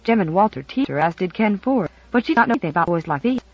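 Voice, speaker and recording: An audiobook narrator reading a novel with expressive storytelling. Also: mid-range voice, rapid-fire, highs cut off.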